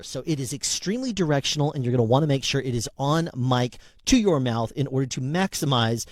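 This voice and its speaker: A man's voice: medium pitch, animated, brisk, hardly any pauses. A man casually reviewing and demonstrating a handheld dynamic microphone in a small room at home, talking close into it. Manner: conversational, demonstrating into different mics. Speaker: product reviewer.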